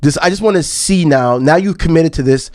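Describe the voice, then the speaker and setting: Man, podcast co-host, high-ish voice, loose joking delivery, laughs a lot, dry studio sound. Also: brisk, a little mellow, no room sound. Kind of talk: casual chat.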